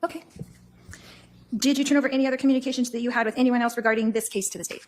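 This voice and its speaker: A woman with a fairly high voice questions a witness at a quick clip. She is pointed and brisk, pressing each answer with the next question. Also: fairly even intonation. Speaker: questioner in court. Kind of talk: courtroom cross-examination.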